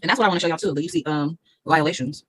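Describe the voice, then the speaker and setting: Woman, vlogger, rapid-fire delivery, combative, repetitive, reads legal passages aloud. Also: low-pitched, a bit bright, poor audio. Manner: combative, repetitive, talks straight at viewers. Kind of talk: direct-to-camera video rant, reading legal text aloud.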